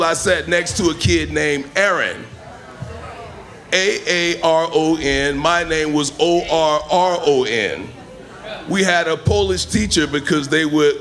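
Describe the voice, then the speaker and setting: A man's voice: fairly high pitch, fairly bright tone. A man doing stand-up on a comedy club stage, talking conversationally and tossing in punchy asides. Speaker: stand-up comic. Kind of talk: stand-up storytelling.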